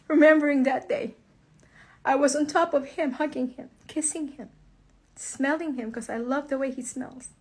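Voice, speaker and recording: A woman's voice: sits high, normal speed, darkish tone. A tearful woman in an emotional monologue, swearing angrily as she recounts her marriage falling apart. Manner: angry, profane, tearful outbursts. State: crying. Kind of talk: emotional direct-to-camera monologue.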